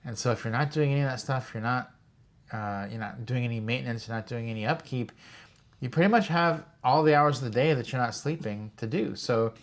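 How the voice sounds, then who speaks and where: A man's voice: medium pitch, a little fast. A man co-hosting a travel vlog, steadily explaining things to the camera and listing examples one after another. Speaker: co-host of a retirement travel channel. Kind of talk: casual explanatory chat to camera.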